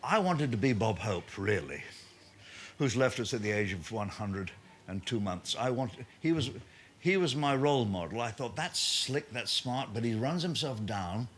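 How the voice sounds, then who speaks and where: A man, a comedian telling anecdotes on stage in lively storytelling punctuated by laughter. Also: on the low side, moderate pace, a little hiss or hum.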